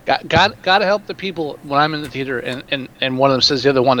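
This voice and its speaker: A man's voice: medium pitch, quick pace, a bit bright, slight background noise. A man co-hosting a casual movie review chat, blunt and profane as he rants about films. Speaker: podcast co-host. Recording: dull lo-fi mic.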